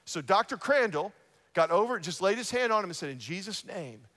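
A man's voice: sits high, animated, quick pace, sharp tone. A man preaching a sermon as a pastor in a church, emphatic, repeating key lines and checking in with the congregation. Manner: emphatic, repeating key phrases and asking the crowd "right?".

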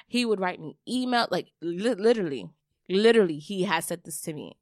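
A woman's voice: medium pitch, a little fast, no room sound, studio quality. Blunt, cursing woman telling a story. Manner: blunt, swears freely, animated storytelling. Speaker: podcast co-host. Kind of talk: casual chat.

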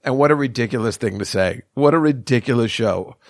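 A man's voice: medium pitch, a little fast, dry recording, studio quality. A man in his fifties hosting his own podcast, telling a rambling, profane story and laughing at his own jokes. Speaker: podcast host. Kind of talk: casual rambling monologue.

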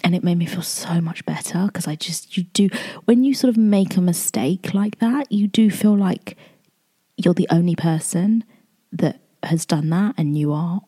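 Mellow-voiced woman chatting emotionally. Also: lowish voice, moderate pace, slightly rough. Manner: emotional, rambling, many fillers and restarts. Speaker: podcast host. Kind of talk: casual personal chat.

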